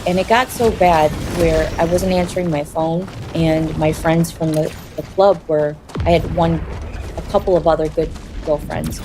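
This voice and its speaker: A woman telling her personal story in an interview, in a halting, confessional way. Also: low-pitched, steady tone, music in the background.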